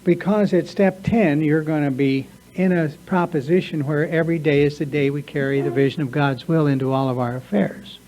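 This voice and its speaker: A man's voice: on the high side, fairly even intonation, normal speed, few pauses, darkish tone, rough recording. A man giving an earnest, confessional talk to a recovery workshop, sometimes acting out his own inner voice. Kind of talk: personal talk to a recovery group. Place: meeting room.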